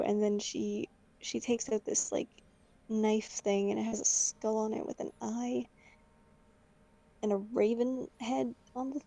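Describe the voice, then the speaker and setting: A woman's voice: fairly high pitch, measured pace, vocal fry, warm tone. A woman playing a tabletop game, chattily recounting her character's dream. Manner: chatty, lots of "I'm like" quoting. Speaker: player.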